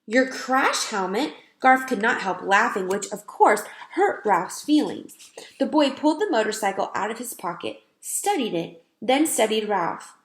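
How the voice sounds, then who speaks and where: A woman narrating a children's book aloud in a clear storytelling manner. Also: medium pitch, lively intonation, normal speed. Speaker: reader. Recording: roomy echo.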